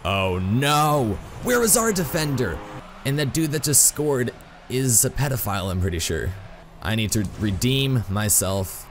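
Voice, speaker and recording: A man doing excitable, self-mocking live commentary while playing a video game, full of exclamations. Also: lowish voice, measured pace, slight background noise. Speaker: gaming YouTuber.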